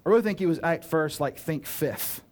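A man's voice: a little high, moderate pace, a little mellow. A male pastor preaching a sermon in a casual, joking way, with playful asides and acted-out dialogue.

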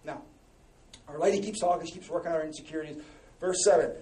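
Fast-talking and high-voiced, the pastor preaches in an animated, conversational style, alternating quiet asides with loud, urging exhortations. The sound is distant, captured in an echoey church hall with faint ambience around him.

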